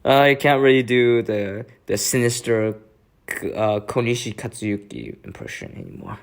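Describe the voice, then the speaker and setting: A man's voice: lowish voice, very animated, a little slow, creaky. A young man chatting casually as a vlogger, hesitant and laughing often. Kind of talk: casual chat.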